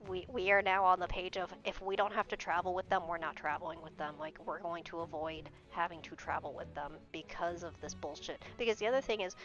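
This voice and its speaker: A young woman streamer tells a story in casual chat, exasperated and swearing often, her voice on the low side with a fairly bright tone. She talks a little fast with few pauses. The stream audio is dull and lo-fi, with faint music in the background.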